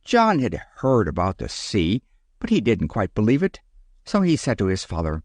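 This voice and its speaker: A man narrating a children's storybook in a lively, expressive way. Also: on the low side, moderate pace, dry recording.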